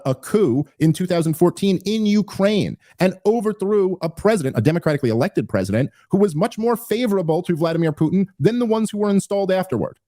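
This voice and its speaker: Dry-voiced animated man with restarts. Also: fairly high pitch, no echo. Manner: animated, emphatic, with many restarts and fillers. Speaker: podcast host. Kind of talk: casual political commentary.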